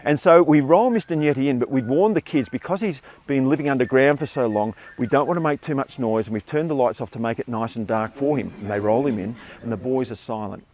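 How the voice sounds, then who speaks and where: An older man with an Australian accent, a former teacher telling a story live on a theatre stage, animated and acting out the voices of the people in it. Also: medium pitch, a little fast, hardly any pauses, a little hiss or hum.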